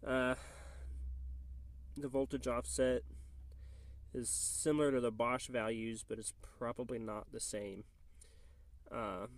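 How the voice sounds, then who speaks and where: A man with a stuffy, nasal voice from a cold, casually walking through a car tuning job with lots of ums and uhs. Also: medium pitch. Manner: hesitant, many ums and uhs. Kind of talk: casual how-to walkthrough.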